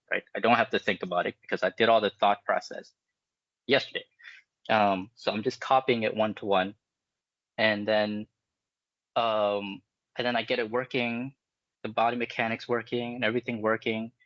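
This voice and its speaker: A man's voice: lowish voice, a bit bright, dry recording, highs cut off. A man, a game animator, talking casually in an interview, explaining his process with many fillers and restarts. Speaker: animator guest.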